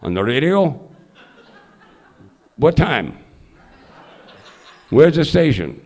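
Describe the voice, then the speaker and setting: A man's voice: on the high side, sing-song, extremely slow, darkish tone, pitched above the performer's own voice, full character voice. A man voicing an older male barber with a thick Russian accent and broken English, told as part of a story. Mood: eager.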